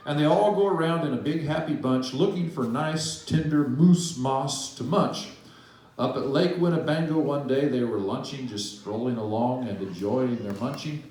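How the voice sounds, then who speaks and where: A man's voice: medium pitch, a little mellow, slight background noise. A man speaking at a ministry meeting, reading a rhyming children's book aloud with a storytelling rhythm. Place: meeting room. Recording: echoey hall, distant mic.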